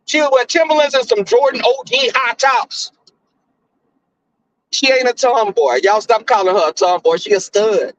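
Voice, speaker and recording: A man hosting a casual commentary chat, telling stories in a profane, animated way. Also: extremely high pitch, normal speed, no room sound, low-quality recording.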